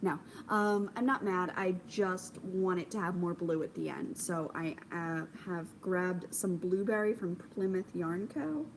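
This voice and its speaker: A young woman hosting a knitting video podcast at home, chatting casually, gushing with excitement and filling pauses with ums. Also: on the low side, a little hiss or hum, rough recording. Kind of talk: casual chat. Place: home craft corner, indoors.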